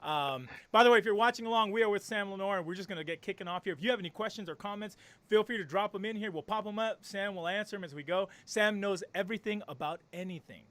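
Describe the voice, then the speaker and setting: A man's voice: sits high, quick pace, fairly bright tone, no echo. A man hosting a casual livestream, upbeat and chummy, laughing often with his guest. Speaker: livestream host.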